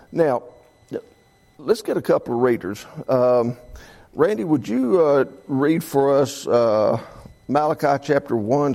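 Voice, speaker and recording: Man teaching scripture, gravelly, lively pitch, conversational, restarts a lot. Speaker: Bible teacher. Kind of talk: teaching a Bible class.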